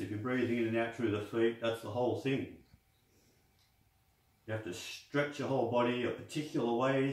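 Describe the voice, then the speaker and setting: Rambling man teaching breathing in an echoey room. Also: mid-range voice. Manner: rambling, folksy, guiding breathing counts. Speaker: martial arts teacher. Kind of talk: casual instructional talk. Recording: echoey room, distant mic.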